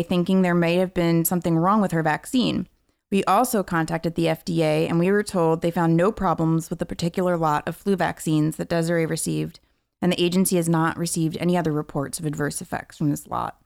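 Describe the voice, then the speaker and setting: A woman co-host talks casually in a somewhat low voice. She reads a news item aloud and breaks in with her own quick remarks. Her tone is relaxed and conversational. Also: gravelly. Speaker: podcast co-host. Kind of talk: casual chat.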